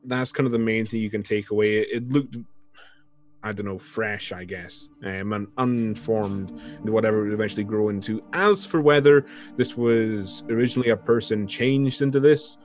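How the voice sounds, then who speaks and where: A man's voice: lowish voice, fairly even intonation, normal speed, soft background music. A man narrating as game master of a tabletop game, often repeating words as he describes the scene.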